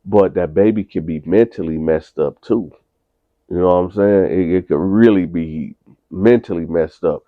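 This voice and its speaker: A man's voice: low-pitched, moderate pace, dry recording. A man telling a story in a casual, colloquial way, often stammering and repeating words, over a tinny phone-like recording. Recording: tinny phone-like dry sound.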